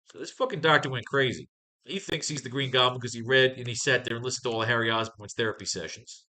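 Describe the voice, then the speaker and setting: Profane, excitable comic-reading man. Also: mid-range voice. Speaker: writing class teacher. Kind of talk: casual comic read-along commentary.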